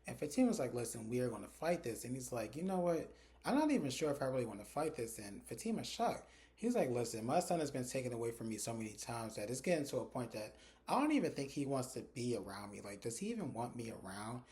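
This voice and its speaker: A man's voice: medium pitch, very animated, fast, darkish tone. A man recapping a TV episode for his viewers, acting out the characters' lines and talking straight to his audience. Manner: chatty, addresses viewers directly. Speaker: TV recap reviewer.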